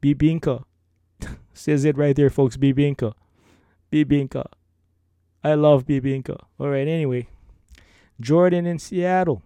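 A man's voice: a little high, steady tone, a little slow, pauses often, mellow, clear, resonant tone, no room sound. A man with a Hawaiian Pidgin accent, hosting a casual podcast and reading listener emails with a playful, laid-back manner. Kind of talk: casual chat.

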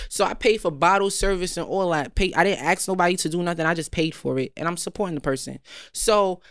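Ranting young New woman, smooth voice. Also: deep voice, no room sound, clean studio sound. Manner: animated, profane, ranting. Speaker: podcast host. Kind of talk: casual storytelling chat.

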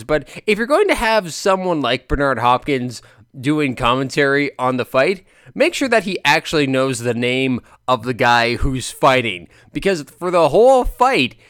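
A man talking through a boxing fight in a casual, animated monologue with lots of filler words. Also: a little high, dry recording, clean studio sound. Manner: animated, chatty, frequent fillers. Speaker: boxing commentator vlogger.

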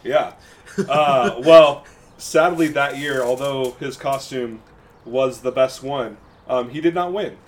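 A man's voice: medium pitch, slow pace. A man hosting a podcast, chatting casually in a jokey way and laughing often. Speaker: podcast host. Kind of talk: casual chat.

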